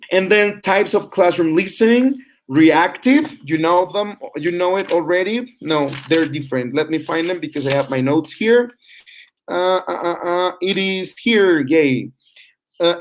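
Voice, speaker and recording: Slow, halting man teaching a class. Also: fairly high pitch. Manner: slow, halting, many fillers and restarts, checks understanding with "right?". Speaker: teacher trainer. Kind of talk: online class lecture.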